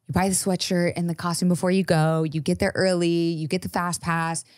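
Low-voiced woman, animated storyteller. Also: brisk, no echo, studio quality. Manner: animated storyteller, swears freely, acts out quoted dialogue. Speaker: podcast guest. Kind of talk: casual chat.

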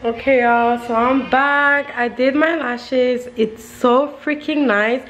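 A woman's voice: high voice, fairly even intonation, takes it slowly, fairly bright tone, soft background music, low-quality recording. A young woman chatting casually in her beauty vlog, rambling and often calling out to her viewers. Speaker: beauty vlogger.

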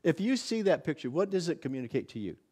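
A visiting pastor teaching a church workshop in a casual, conversational way, often acting out little exclamations of wonder. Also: male voice, fairly high pitch, very animated, fast talker, warm tone, breathy edge. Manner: conversational, many restarts and acted-out inner exclamations.

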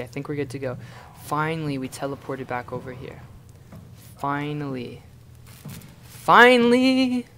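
A man's voice: on the high side, a little hiss or hum. A young man from Canada playing a horror game and commenting in a panicky, swearing way, often repeating himself in frantic bursts. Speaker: gaming YouTuber.

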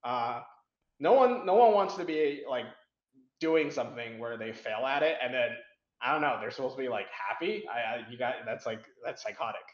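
A man's voice: medium pitch, lively intonation, moderate pace. Young guy talking frank and rambly, lots of um and like, echoey dull recording. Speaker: interview guest, competitive programmer. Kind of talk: casual interview chat. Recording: roomy, dull lo-fi sound.

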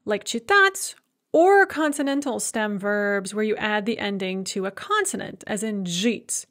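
A woman's voice: a little high, a bit bright. A woman lecturer explaining verb endings in a methodical way, with frequent filler words. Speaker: Russian language lecturer. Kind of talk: recorded grammar lecture.

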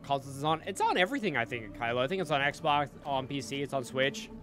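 Male gaming streamer, lively pitch, bright voice, casual and excitable, faint game music behind. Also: fairly quick. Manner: casual, excitable, swears often, greets chat. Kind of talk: live gameplay commentary.

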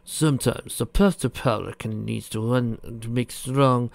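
A man voicing a smug, power-hungry prince, speaking soft and measured, a little below his own pitch. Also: vocal fry, no room sound.

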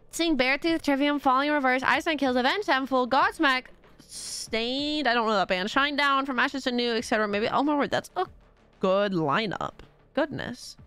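A bubbly young woman chats away with her stream while she plays. Her voice sits a little high, with faint game music underneath. She talks casually, jumping from topic to topic. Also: brisk, a bit bright, clear, resonant tone. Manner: chatty, bubbly, reacting to chat. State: out of breath. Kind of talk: casual chat while gaming.

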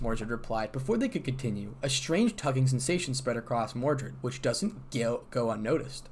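A man's voice: mid-range voice, sing-song, normal speed, few pauses, a little hiss or hum. A man narrating fan fiction aloud in a plain reading voice with small stumbles.

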